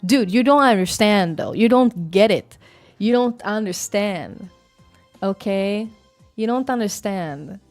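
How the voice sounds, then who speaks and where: A woman's voice: mid-range voice, animated, slow, dry recording, faint music behind. Southern Swedish woman, casual streamer chat. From Sweden. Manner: chatty and musing, thinks aloud with fillers and soft laughs. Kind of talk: casual chat, reading chat aloud.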